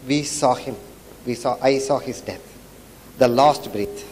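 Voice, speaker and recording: A man asking a question from the audience, emotional, halting and apologetic. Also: mid-range voice, a little mellow, slight background noise. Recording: long hall reverb with faint ambience.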